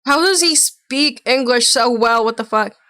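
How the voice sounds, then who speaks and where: A woman's voice: fairly high pitch, unhurried, pushed and bright, clear, resonant tone, no echo, studio quality. A woman streaming a reaction to a video, chatting casually in a rambling, blunt way and swearing now and then.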